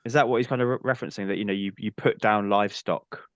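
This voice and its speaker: Man, guest; low voice, easygoing, lo-fi dry sound. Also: fairly even intonation, fast talker, no room sound. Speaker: podcast guest. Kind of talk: casual film discussion.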